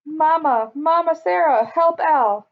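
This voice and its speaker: Woman voicing a frightened parrot crying for help. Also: slow. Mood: desperate. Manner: high shrill pleading cries. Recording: dull lo-fi recording.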